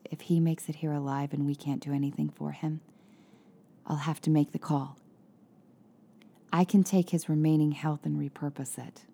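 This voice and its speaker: A secretive male doctor, read by a woman narrator, dropping into a low, conspiratorial whisper. His voice sits a little under the reader's own. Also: fairly even intonation, a little slow, darkish tone.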